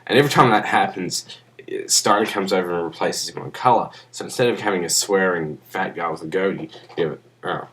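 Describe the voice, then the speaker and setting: A man's voice: deep voice, brisk, a bit bright. A young man rambling crudely and profanely into a webcam in a casual vlog, sounding drunk. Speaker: vlogger.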